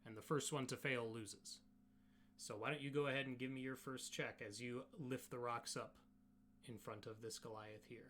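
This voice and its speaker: A man's voice: mid-range voice, fairly even intonation, moderate pace, fairly bright tone, a little hiss or hum. A man narrating as game master in a casual, rambling way with many fillers. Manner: casual, filler-heavy, restarts often.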